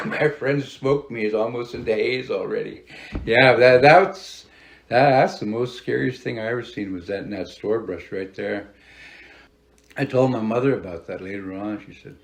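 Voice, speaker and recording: Gravelly low-voiced elderly man. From Fort Belknap, Montana, United States. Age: older. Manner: unhurried, rambling, many "you know" fillers. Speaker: tribal elder. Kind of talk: oral storytelling interview.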